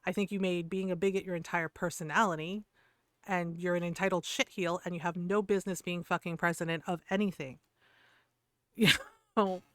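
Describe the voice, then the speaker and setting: A woman's voice: on the low side, fairly even intonation, a little fast, no echo. Fired-up american woman streamer cussing away, dead dry room. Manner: profane, heated, laughs between points. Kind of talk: casual ranting chat.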